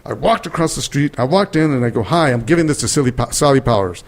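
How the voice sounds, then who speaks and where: An older man, a guest actor, telling lively anecdotes in an interview and acting out the people in them. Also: mid-range voice, fast talker. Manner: animated storyteller acting out quoted voices. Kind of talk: interview storytelling.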